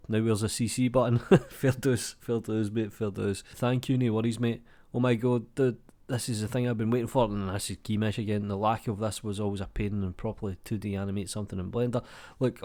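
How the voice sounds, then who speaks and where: A man's voice: on the low side, dark tone. A young adult man, casually chatting through viewer comments while getting over a cold, swearing freely and calling everyone mate. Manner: laid-back, swears freely, says mate a lot. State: has a cold. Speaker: YouTube creator.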